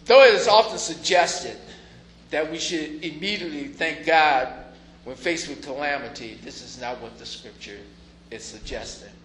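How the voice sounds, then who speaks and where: A pastor delivers a sermon in a conversational style, occasionally building to emphatic stresses. His voice is on the high side and slightly bright, at a normal pace. The room is echoey, with faint background noise.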